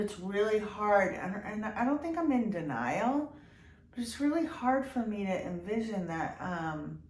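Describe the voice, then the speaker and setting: Slow-talking woman in an echoey room. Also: mid-range voice. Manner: emotional, halting, many restarts and fillers. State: tearful at times. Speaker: channel host. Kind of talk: personal video diary. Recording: echoey room, somewhat far from the mic, faint background noise.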